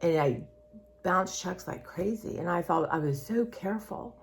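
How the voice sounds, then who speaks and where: A woman's voice: on the low side, normal speed. A woman in her sixties chatting casually to her viewers, rambling from one thought to the next and calling them y'all. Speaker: vlogger. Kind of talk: casual chat to camera.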